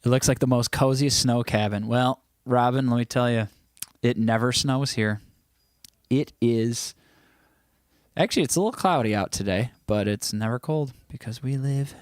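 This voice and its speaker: A mid-range male voice comes through clean studio audio with no room sound. He's an American livestream host at home, reading his chat aloud with jokes and occasional singing.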